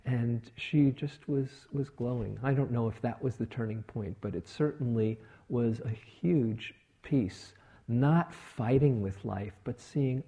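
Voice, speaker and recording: A middle-aged man giving a relaxed dharma talk as a meditation teacher, telling stories and acting out the people in them. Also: medium pitch, slow pace. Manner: relaxed storytelling with quoted voices. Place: retreat hall.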